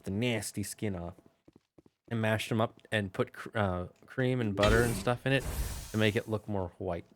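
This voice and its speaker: A man's voice: fairly low pitch, background noise. A man streaming a game, chatting casually and joking crudely with his chat. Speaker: gaming streamer. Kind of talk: casual let's-play commentary. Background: game music.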